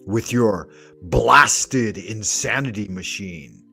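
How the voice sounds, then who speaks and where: Husky-voiced man ranting with heavy swearing. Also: lowish voice, slow pace, bright, forceful tone, soft background music. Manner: emphatic, sweary, sarcastic ranting. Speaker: commentary video host. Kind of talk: profane reaction commentary.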